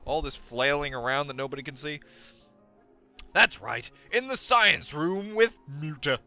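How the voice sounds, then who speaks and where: A man's voice: a little high, unhurried, bright, forceful tone, soft background music. A man with a goofy, self-mocking manner, rambling through casual gaming commentary into a headset mic. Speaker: let's play host.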